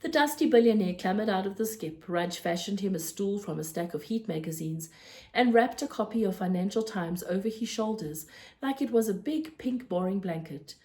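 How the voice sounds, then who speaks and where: A woman narrating a children's storybook aloud in a steady, clear storytelling manner. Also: medium pitch, moderate pace.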